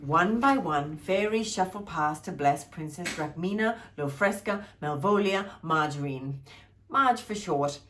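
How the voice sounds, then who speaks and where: A woman at a childcare centre reading a funny picture book aloud to children, expressive and playful. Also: lowish voice, a little slow. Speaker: childcare storyteller.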